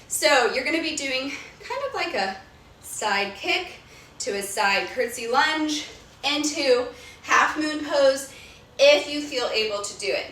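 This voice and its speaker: A woman leading a live-streamed yoga workout from home, giving calm step-by-step cues and countdowns, a little out of breath. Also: high voice, a little hiss or hum. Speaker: yoga instructor. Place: home room. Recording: echoey room, far from mic, music behind.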